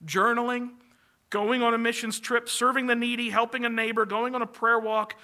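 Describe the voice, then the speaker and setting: A man's voice: very high-pitched, level tone, normal speed, pushed and bright. A man preaching a sermon from the pulpit, earnest and emphatic, building long lists as his energy rises. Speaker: pastor.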